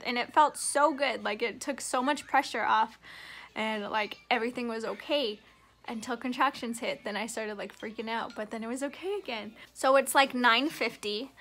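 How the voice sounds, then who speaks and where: A woman's voice: fairly high pitch, pushed and bright, slight background noise. A young woman vlogger telling a personal story in a chatty, giggly way, full of "like". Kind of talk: casual storytelling.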